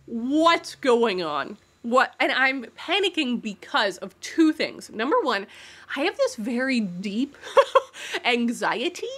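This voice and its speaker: A woman co-hosts a casual book podcast, her voice high and bright. She tells stories in an animated, lively way and laughs often. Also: unhurried, husky. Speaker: podcast co-host. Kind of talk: casual chat.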